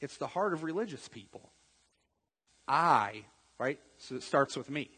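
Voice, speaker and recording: A man preaching a sermon as pastor, building up to emphatic, forceful bursts. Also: a little high, expressive, measured pace, slightly rough, in a large hall, low-quality recording.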